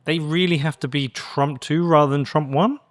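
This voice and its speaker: A man's voice: a little high, fairly even intonation, normal speed, no echo, clean studio sound. A man with a British accent hosting a podcast interview, casual and chatty. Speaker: podcast host. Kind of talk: interview conversation.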